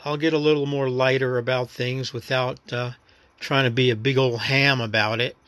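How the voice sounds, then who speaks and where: A man's voice: mid-range voice, level tone, normal speed, fairly bright tone, dry recording. A man from New York City with a New York accent, hosting his own podcast in a rambling, reflective, understated personal monologue. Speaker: podcast host.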